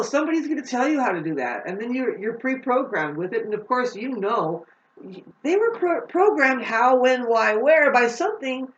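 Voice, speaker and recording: A woman vlogger giving an unscripted astrology monologue, swearing freely and swinging between loud, heated outbursts and low, slow explanation. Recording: roomy, distant, dull-sounding audio.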